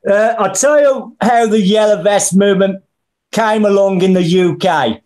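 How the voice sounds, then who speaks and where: A man's voice: high-pitched, moderate pace, a little mellow. A middle-aged man from the English Midlands with a Birmingham accent, a guest talking bluntly and colloquially in a casual interview. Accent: Birmingham (Brummie). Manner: blunt and colloquial, calls people mate and brother.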